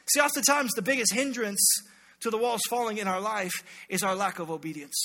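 High, bright-voiced preacher in an echoey hall. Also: male voice, fairly quick. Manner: animated, joking, voices characters in quotes. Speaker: pastor. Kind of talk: sermon.

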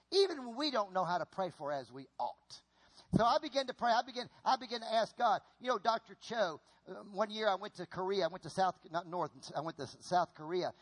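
Male preacher, middle-aged, high voice, animated folksy delivery, repeats phrases. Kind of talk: sermon with stage demonstration.

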